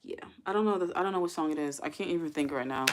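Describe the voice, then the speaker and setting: A woman hosts a relaxed livestream, talking through her thoughts and replying to viewer comments. Her voice sits a little low for a woman. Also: racing, noisy background. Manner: chatty, thinks aloud, answers viewer comments. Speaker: livestream host. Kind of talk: casual livestream chat.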